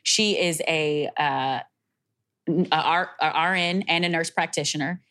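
A young woman hosting a podcast, telling a personal story in an emotional, animated way. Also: low voice, a little slow. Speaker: podcast host. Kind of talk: casual podcast conversation.

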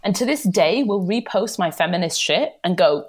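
Animated, blunt young woman. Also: on the low side, normal speed, husky. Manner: blunt, animated storytelling with swearing. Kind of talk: candid casual chat.

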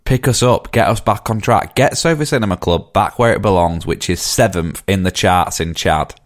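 A man's voice: low-pitched, normal speed. A man hosting a film podcast, teasing his co-hosts with dry humour. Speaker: podcast host. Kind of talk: casual chat.

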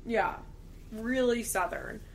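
A woman's voice: on the high side, slow, vocal fry. Chatty young woman podcast co-host. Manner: chatty, lots of "like" fillers. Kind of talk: casual chat recapping a TV show.

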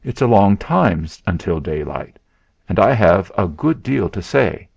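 Man doing a stern, steady mountain man. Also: unhurried, gravelly, breathy edge, no room sound, exaggerated voice. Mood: grave. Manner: low, level and steady. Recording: dull lo-fi sound.

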